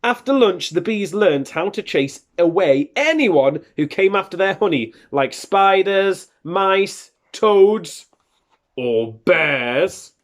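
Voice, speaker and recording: A woman teacher reads a picture book aloud for small children, her pitch rising and falling with lively expression. She takes it slowly, savoring each line. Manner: animated, expressive storytelling. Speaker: primary school teacher.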